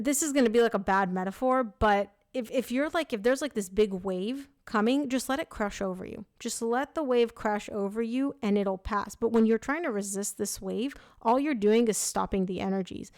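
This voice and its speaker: A young woman giving a casual tarot reading, talking frankly and loosely with lots of "like" and quick self-corrections. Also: medium pitch, darkish tone, no echo, clean studio sound. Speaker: tarot reader.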